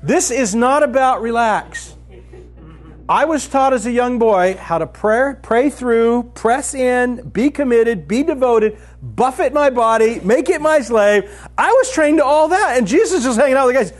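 Animated man preaching a sermon. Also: very high-pitched, unhurried. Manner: animated storytelling, often breaks into laughter.

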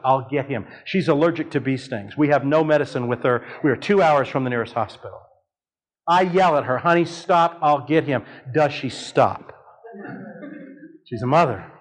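A man in his fifties preaching a sermon, telling a family story with animated delivery and leaps of voice for dramatic quotes. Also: medium pitch, rough recording.

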